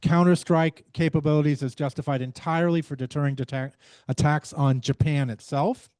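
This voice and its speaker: A man giving an academic presentation in a measured way, often pausing with fillers and restarting his sentences. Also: a little high, fairly even intonation, a little mellow, smooth, no room sound. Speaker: researcher giving a talk.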